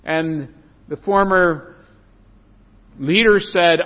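A pastor preaching in a church, his pitch swinging up and down and his delivery animated. His voice is a touch higher than most men's. It rings out with a long hall reverb, and the sound is slightly dull and lo-fi. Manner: preaches with lively rises, slows for scripture. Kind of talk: sermon.

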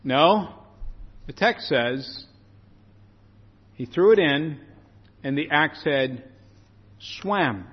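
A man preaching a sermon to his congregation, lively and animated, acting out the scripture story in voices. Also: fairly high pitch, extremely slow, long pauses, breathy edge. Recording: muffled echoey hall.

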